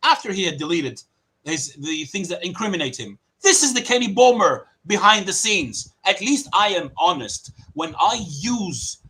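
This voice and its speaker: Animated, high-pitched indignant man. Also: normal speed, husky, low-quality recording. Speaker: complainant presenting evidence. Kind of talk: heated online debate. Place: lives in Greece.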